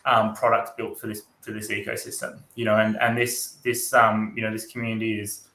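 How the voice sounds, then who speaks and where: A man answering interview questions in a thoughtful, halting way, with many fillers. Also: lowish voice, flat delivery, bright, forceful tone. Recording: roomy echo.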